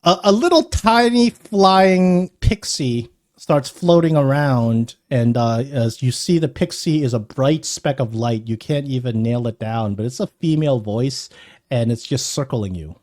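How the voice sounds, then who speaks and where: A man's voice: mid-range voice, measured pace, a little mellow. A man running a tabletop game as game master, narrating and improvising. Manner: laughing, improvising.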